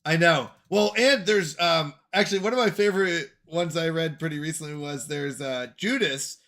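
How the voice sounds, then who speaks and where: A young man chats casually on his stream, reading and answering viewers with a joking, self-deprecating manner and frequent laughs. His voice is bright and sits a little high for a man. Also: moderate pace. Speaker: livestream host reading chat. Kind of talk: casual chat.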